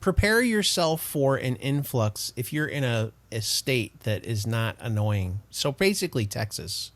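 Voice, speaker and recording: A man co-hosting a podcast, chatting casually in an animated, emphatic way and laughing often. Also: medium pitch, measured pace, no room sound. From Detroit. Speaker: podcast co-host. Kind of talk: casual chat.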